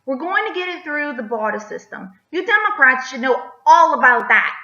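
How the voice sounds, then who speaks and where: A woman's voice: high-pitched, very animated, normal speed, hardly any pauses, sharp tone. A woman vlogger delivering an emphatic opinion rant, firing rhetorical questions and tagging lines with "okay?". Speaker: political vlogger. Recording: echoey, slightly dull.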